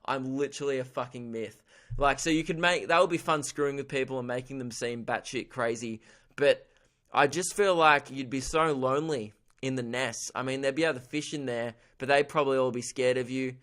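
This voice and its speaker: A man's voice: mid-range voice, a little fast, fairly bright tone. A young man hosting a solo comedy podcast, rambling in a goofy, self-mocking way and laughing at his own jokes. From Australia. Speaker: podcast host.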